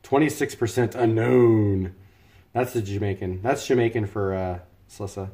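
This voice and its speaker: A man's voice: lowish voice, moderate pace, mellow. Chatty American man on a live stream. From United States. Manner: chatty, greets viewers by name with a lifted voice. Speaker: live-streaming cooking host. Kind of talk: casual live-stream chat.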